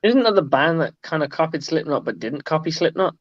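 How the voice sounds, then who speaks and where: A man hosts a loose livestream chat, joking and laughing between his points. His voice sits a little high for a man. It reaches us through dry, dull lo-fi video call audio. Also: expressive, brisk, no room sound. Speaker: host.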